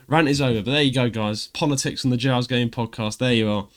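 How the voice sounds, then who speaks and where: A man's voice: medium pitch, fast. A man with a Cockney accent co-hosting a podcast, chatting casually, ranting and reading gaming news with frequent laughs. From United Kingdom. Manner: lively, ranting, laughs often. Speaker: podcast co-host.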